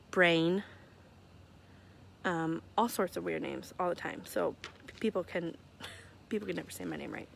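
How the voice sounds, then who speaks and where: A woman's voice: on the low side, gravelly, fairly bright tone. A young woman hosting a casual live stream, chatty and giggly, laughing at herself while walking outside her house. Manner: chatty, giggly, self-deprecating. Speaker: livestream host announcing charity winners. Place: outdoors near her house at night, walking around. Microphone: phone held at arm's length.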